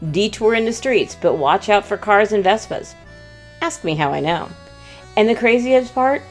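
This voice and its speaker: A woman from the United States hosting a humorous travel vlog in a playful, mock-dramatic storytelling manner. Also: medium pitch. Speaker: vlog host.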